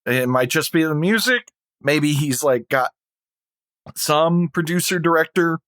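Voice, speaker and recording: A man's voice: on the high side, measured pace, a bit bright, clear, resonant tone, dry recording. Laid-back rambling male podcaster. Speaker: podcast co-host. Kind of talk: casual chat.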